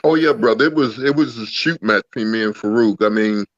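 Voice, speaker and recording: A man in his fifties, a guest telling stories in a relaxed, drawling way, calling people "brother" and "man.". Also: fairly low pitch, a little fast, dry recording, dull audio. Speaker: guest, former pro wrestler. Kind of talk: casual storytelling interview.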